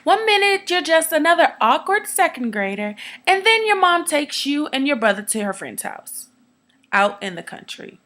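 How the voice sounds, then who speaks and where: A woman performing a dramatic monologue, telling a first-person story in an earnest, quiet, measured way. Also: high voice, very animated.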